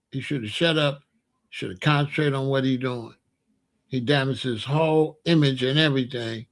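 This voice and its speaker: Young guy ranting at the camera, kinda high voice, scolding and totally fed up. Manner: incredulous, exasperated, scolding. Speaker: commentator.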